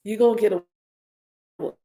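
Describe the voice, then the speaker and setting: Animated woman preaching in an echoey room. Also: medium pitch, fairly quick. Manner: animated and emphatic, repeats points for stress. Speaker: spiritual teacher reacting live. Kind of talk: live reaction stream, preachy casual talk.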